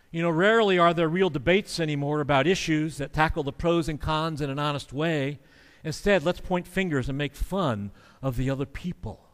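A man delivers a sermon with earnest, conversational warmth, slipping into voices when he quotes. His voice sits somewhat high for a man. Long reverb trails behind him from a large hall. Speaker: pastor.

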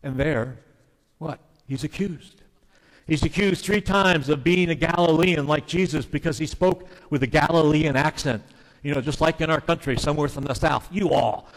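A male pastor preaching a sermon, earnest and emphatic, dropping suddenly to soft, quiet phrases. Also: a little high, normal speed, in a large hall, low-quality recording.

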